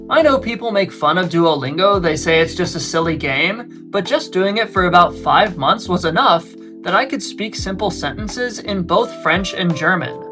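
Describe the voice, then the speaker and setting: A young man narrating a travel vlog from a script, with self-deprecating, wry humor. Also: high voice. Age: young adult. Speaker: travel vlogger.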